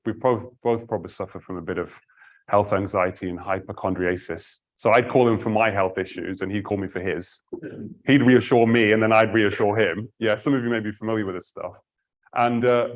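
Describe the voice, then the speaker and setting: A middle-aged man from the United Kingdom, a cardiologist telling a personal story in a public talk, conversational with asides and restarts. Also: lowish voice.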